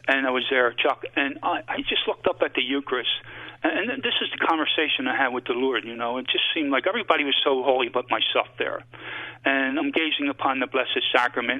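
A man's voice: medium pitch, dry recording. Priest telling his story on a phone line, lots of uh's and you knows, dry and tinny. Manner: halting, emotional testimony with many fillers. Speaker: priest guest. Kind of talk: storytelling on call-in radio.

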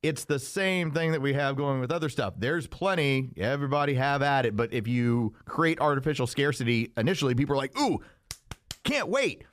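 A man's voice: medium pitch, fairly quick, few pauses, dry recording, studio quality. A man hosting a podcast, explaining things in a rambling, casual way. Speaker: podcast host. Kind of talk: casual chat.

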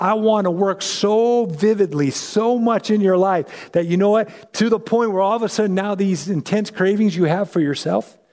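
In a big room, a high-voiced man with a slightly mellow sound preaches scripture as a pastor. His Bible teaching is emphatic and conversational, and he keeps checking in with the people listening.

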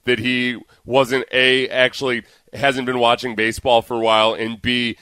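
A man co-hosts sports talk radio with a sarcastic, lively edge. His pitch is ordinary, and the close studio sound is dry. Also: moderate pace, clear, resonant tone, no echo.

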